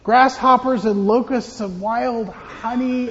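A man's voice: very high voice, measured pace, fairly bright tone, long reverb tail, muffled recording. A man giving a children's sermon as pastor, playful and joking with the kids. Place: church.

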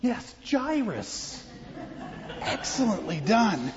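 Animated pastor telling children a story. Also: male voice, sits high, extremely slow, long reverb tail, muffled recording, a little hiss or hum. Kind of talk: children's sermon. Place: church.

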